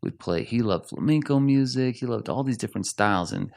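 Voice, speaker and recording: A middle-aged man from Arizona, a rock singer, telling animated stories in a casual interview and laughing often. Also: medium pitch, fairly quick, creaky.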